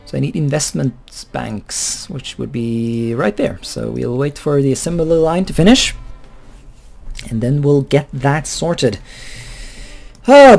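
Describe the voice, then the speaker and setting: A man's voice: fairly high pitch, gravelly, a little mellow. A man giving casual, rambling commentary over a strategy game, chuckling and swearing offhandedly. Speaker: let's play host.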